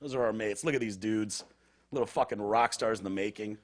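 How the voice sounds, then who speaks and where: A man's voice: on the low side, a little fast, no echo, clean studio sound. A man co-hosting a podcast in casual, profane, rambling chat. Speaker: podcast co-host.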